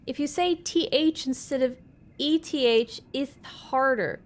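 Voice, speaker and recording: At a slow pace, a woman streamer with a slightly high voice reads game dialogue aloud for her live let's play and stops to talk with viewers. The desk mic sits close in her home setup.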